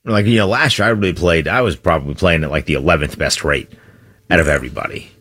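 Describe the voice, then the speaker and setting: Deep husky-voiced joking co-host. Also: male voice, fast talker, fairly bright tone. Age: 30s. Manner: joking, playful. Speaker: sports radio co-host. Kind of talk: casual sports talk.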